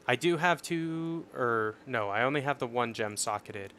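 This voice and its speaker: A young man casually explaining his game build on a livestream, swearing and getting excited once the fights start. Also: medium pitch, moderate pace, slight background noise. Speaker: streamer. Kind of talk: casual gameplay commentary.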